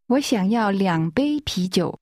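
A woman modeling phrases in a language course drill with slow, careful pronunciation. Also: mid-range voice, lively intonation, darkish tone, no room sound, studio quality.

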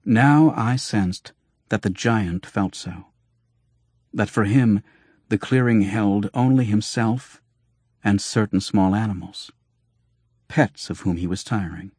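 A man narrates an audiobook in a measured, formal way. His voice is deep and husky. The recording is dry and close. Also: darkish tone, dry recording. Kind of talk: scripted narration.

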